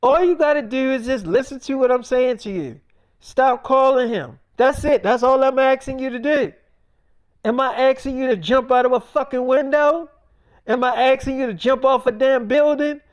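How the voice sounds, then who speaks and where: A man doing a brash bossy woman, high-pitched. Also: normal speed, no echo, clean studio sound. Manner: swaggering, profane, talks down to the listener. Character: brash bossy celebrity woman, vain and threatening. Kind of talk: improvised comic monologue.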